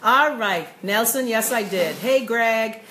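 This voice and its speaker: A woman's voice: on the high side, animated, slow, fairly bright tone. Woman, Bahamian accent, chatty live-stream host, upbeat, echoey room. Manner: chatty, upbeat, greets viewers by name. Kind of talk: live-stream chat, reading comments. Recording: echoey room with faint noise.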